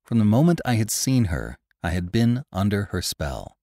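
A man narrating a classic story for a podcast in a measured, expressive storytelling manner. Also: fairly low pitch, dry recording, studio quality.

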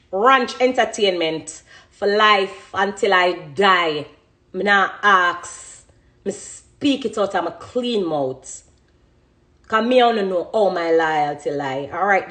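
A dancehall artist in her thirties with a Jamaican accent delivers an impassioned, emphatic monologue, repeating phrases for emphasis. Her voice is medium-pitched and a bit bright.

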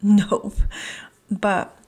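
Storybook caterpillar, little boy, curious, hushed, slow, done by a woman. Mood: soft.

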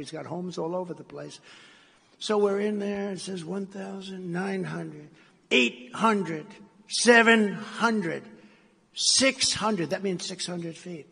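A man's voice: fairly high pitch, creaky, a little mellow, breathy edge. An older American man giving a meandering speech at a gala, repeating himself and acting out bits of dialogue, in a large hall. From United States. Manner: repetitive, meandering storyteller who acts out dialogue. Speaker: gala speaker. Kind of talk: rambling speech anecdote. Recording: reverberant hall sound.

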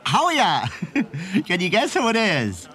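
A man's voice: sits high, wildly swooping pitch, unhurried, noisy background, exaggerated voice. An actor playing a chatty Irishman with an Irish accent, phoning from the pub at Christmas and rambling through gossip while chuckling at his own stories, in a comic monologue sketch. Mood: gossipy. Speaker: comic phone caller.

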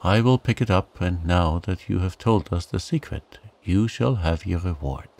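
A man's voice: deep voice, moderate pace, creaky, darkish tone. A man voicing a stern, regal fairy queen in a bedtime storybook, speaking with command.

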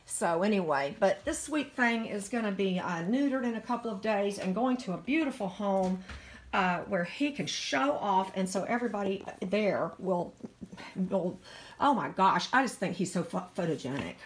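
A woman's voice: medium pitch, animated, moderate pace, slight background noise. A middle-aged woman, a dog breeder gushing over a puppy in a casual home video filmed on a phone. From Virginia, USA. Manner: gushing, doting baby talk to a dog.

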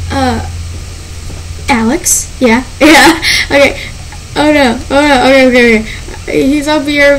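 A woman giving gameplay commentary as a channel host, excitable and panicky, often squealing and laughing. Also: high-pitched, a little hiss or hum, poor audio.

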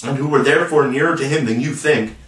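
Man reading a storybook from far off. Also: mid-range voice. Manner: dramatic, measured, expressive reading. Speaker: audiobook reader. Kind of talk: scripted storybook narration. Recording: roomy, distant mic.

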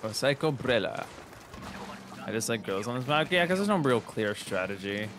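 A man's voice: medium pitch, very animated, moderate pace, noisy background. A young man chatting while gaming, teasing his friend and giving tips. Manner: teasing, coaching, exclaims loudly. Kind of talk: casual gaming chat.

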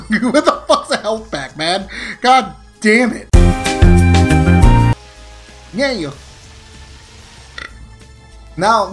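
A man's voice: high-pitched, pushed and bright. A young man commentating on a video game, swearing a lot and hamming up a mock mobster persona. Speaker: gaming streamer. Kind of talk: casual gameplay commentary.

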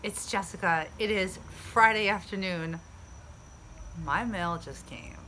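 A woman's voice: mid-range voice, unhurried, bright, forceful tone, slight background noise, poor audio. A woman from the United States chatting enthusiastically outdoors in a casual unboxing vlog. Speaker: vlogger.

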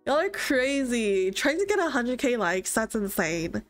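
A woman's voice: sits high, animated, normal speed. A young woman live-streaming a life-sim game, chatting casually, reading chat aloud, gasping and laughing often. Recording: game music faint behind.

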